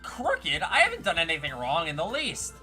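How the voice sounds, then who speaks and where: A smooth, polite male realtor, as a woman reads him. He keeps his courteous, ingratiating manner, with a bright, polished tone close to the reader's own voice. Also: on the low side, wildly swooping pitch, moderate pace, soft background music, full character voice.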